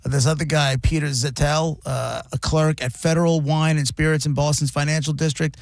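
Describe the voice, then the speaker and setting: A male radio host chatting casually, recapping news stories with quick asides. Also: on the high side, fairly even intonation, dry recording. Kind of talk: casual talk radio chat. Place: radio studio. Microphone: studio mic.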